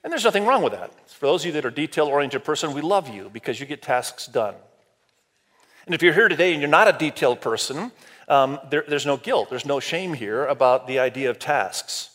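A man preaching a sermon to a congregation across several campuses, talking in a lively, conversational way and asking the audience for raised hands. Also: a little high, brisk. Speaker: pastor. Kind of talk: sermon to a multi-campus church.

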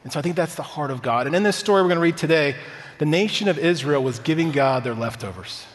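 A man's voice: a little high, lively intonation, quick pace. A man in his thirties, a pastor, giving a conversational, upbeat sermon to a church congregation with personal stories. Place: church sanctuary. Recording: reverberant church hall.

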